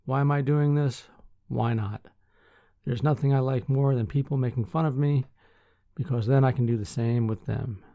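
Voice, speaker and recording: A man's voice: medium pitch, fairly even intonation, normal speed, vocal fry, dry recording, narrow, tinny audio. A sleepy man hosting a podcast, reading news stories aloud and breaking off for dry asides. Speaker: podcast host.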